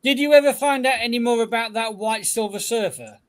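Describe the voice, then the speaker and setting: A man's voice: very high-pitched, a little fast. A man in a casual chat, teasing the others.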